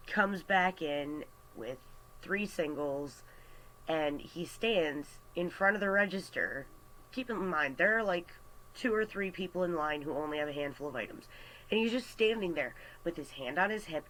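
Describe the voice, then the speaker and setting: A man telling a story on a casual vlog, animated and chatty with lots of fillers, into a computer mic. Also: fairly high pitch, slight background noise, rough recording. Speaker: artist vlogger. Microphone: webcam or computer mic.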